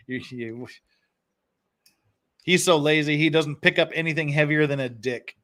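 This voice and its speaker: A man's voice: a little high, normal speed, fairly bright tone. A man hosting a casual live stream, reading phrases aloud and chuckling often.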